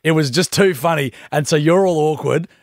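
A man's voice: fairly high pitch, normal speed, no echo. A man, co-hosting a casual radio show and teasing his co-host with frequent laughter. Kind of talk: casual breakfast radio banter.

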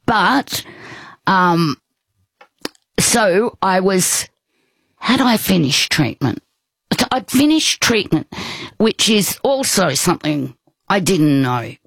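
An older woman, telling a personal story to an interviewer in an unhurried, reflective, candid way. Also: fairly low pitch, sing-song, a bit bright, dry recording. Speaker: guest.

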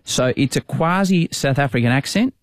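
A man, a sports broadcaster hosting, telling a story in casual chat with quick bursts of speech. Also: mid-range voice, lively intonation, dry recording, studio quality.

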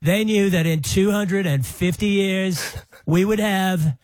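A man's voice: high voice, slow pace, darkish tone, dry recording. A man doing a boastful American president impression. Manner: bombastic, repetitive rally-speech delivery.

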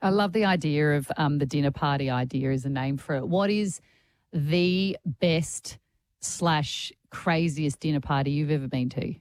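Chatty Australian woman, low voice. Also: moderate pace. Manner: chatty, warm curiosity, laughs along. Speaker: radio co-host. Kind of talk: drive-time radio chat.

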